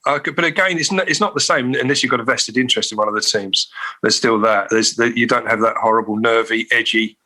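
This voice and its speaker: A man chatting loosely on a podcast, often laughing and tripping over his words as he gets going. His pitch sits in an ordinary middle range, and he has a bright, forward voice. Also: fast. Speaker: podcast co-host. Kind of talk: casual chat.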